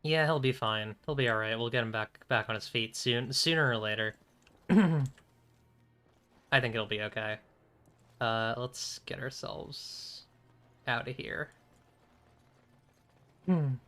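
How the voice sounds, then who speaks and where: A man's voice: mid-range voice, slow, pauses often, sharp tone. A man streaming a video game, chatting casually and rambling while keeping his voice down. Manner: rambling, keeps his voice down, frequent throat clearing. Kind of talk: casual let's-play commentary.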